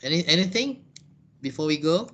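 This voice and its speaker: A man runs an online English class, his voice bright and forward. He explains things patiently and checks in often. The sound comes through a video call. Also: a little high, big pitch swings, a little fast. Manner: patient, explanatory, frequent "yeah?" check-ins. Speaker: English teacher.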